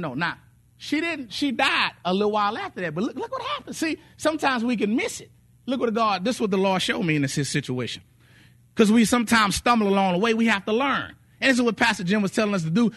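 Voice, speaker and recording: A man preaching a sermon, telling testimonies with acted quotes and sung phrases. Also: high voice. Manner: animated storytelling, voices quotes, sings some phrases.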